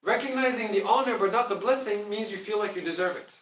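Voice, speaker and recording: Man, teacher, emphatic, asks class questions, slightly high voice, distant mic. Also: fast talker, a bit bright. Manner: emphatic, quizzes students. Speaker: Quran teacher. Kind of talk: classroom lesson. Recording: echoey room, distant mic.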